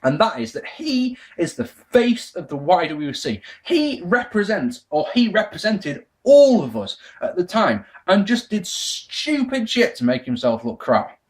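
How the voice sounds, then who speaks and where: A young man casually answering viewer questions about wrestling, ranting and swearing. He jumps between loud bursts and muttered asides. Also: high-pitched, big pitch swings, a little slow, few pauses. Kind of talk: casual rant.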